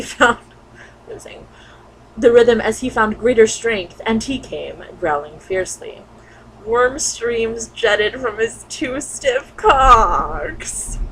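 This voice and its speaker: Animated woman reading with slow relish. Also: on the high side, a little hiss or hum, poor audio. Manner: keeps breaking into giggles and exasperated asides. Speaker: reader of bad fan fiction. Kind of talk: comedic dramatic reading with commentary.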